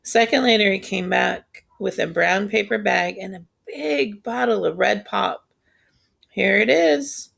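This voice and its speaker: A woman reading a children's novel aloud in a steady, unhurried storytelling voice. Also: mid-range voice, gravelly, husky. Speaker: audiobook reader. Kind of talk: scripted narration.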